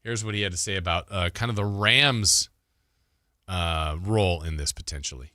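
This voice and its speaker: A man hosting a sports talk radio show, chatting casually and thinking out loud with fillers and restarts. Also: low voice, moderate pace, no echo, clean studio sound.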